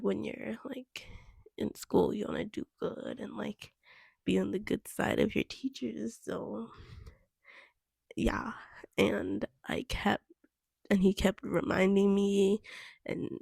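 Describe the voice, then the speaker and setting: A woman's voice: medium pitch, creaky, darkish tone, breathy edge, no echo, studio quality. A young woman cook chatting casually about kitchen mistakes, rambling with lots of "like" and "um". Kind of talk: casual vlog chat.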